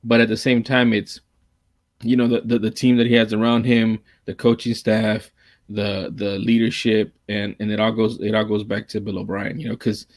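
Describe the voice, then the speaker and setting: A man co-hosting a casual sports livestream, talking in long rambling runs full of restarts and a self-described monotone delivery. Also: on the low side, moderate pace, no echo. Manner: rambling, restarts often, calls himself monotone. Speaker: podcast co-host.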